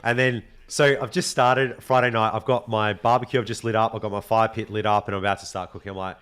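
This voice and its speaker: A young adult man with an Australian accent, hosting a casual podcast chat, animated and swearing freely, with a slight cold. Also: fairly low pitch, fast, smooth. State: has a cold. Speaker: podcast host.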